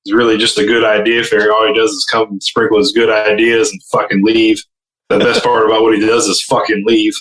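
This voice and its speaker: A male podcast co-host tells stories in relaxed, casual chat and leans on fillers like "you know." His lowish voice has a bright, forceful edge. The sound is roomy and echoey.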